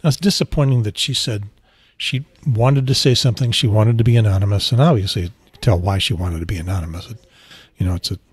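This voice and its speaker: Male podcast host, husky and low, dry close sound, hushed rambling delivery. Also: fast talker, few pauses, no room sound. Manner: rambling, self-correcting, quiet. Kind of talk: casual solo podcast talk. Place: outdoors on a beach trip.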